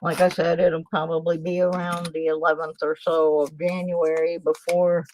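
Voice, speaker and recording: A woman's voice: deep voice, flat delivery, normal speed, darkish tone, a little hiss or hum, rough recording. An older woman hosting a casual livestream, chatting and muttering asides to herself at her desk while she sorts coins. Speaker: channel host, coin roll hunter. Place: home desk in a small town.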